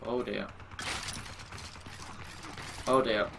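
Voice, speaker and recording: A young man talks casually over his gameplay. He mocks himself, swears freely and lets out sudden exclamations. Game noise sits clearly behind his voice. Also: fairly low pitch, steady tone. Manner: self-mocking, swearing, quick to exclaim. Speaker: gaming YouTuber.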